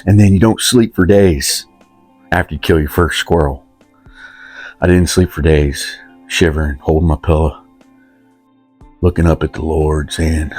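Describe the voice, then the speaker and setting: A man's voice: rumbling low, fairly even intonation, unhurried, long pauses, darkish tone, faint music behind. A man, telling a rambling, self-deprecating comic story in loose country talk. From West Virginia, USA. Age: 50s. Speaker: comedic storyteller.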